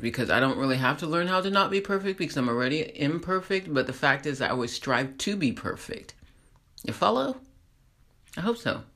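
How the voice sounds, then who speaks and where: A woman's voice: rumbling low, fairly bright tone. A woman hosting a casual, rambling motivational monologue, laughing at herself as she encourages listeners. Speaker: host.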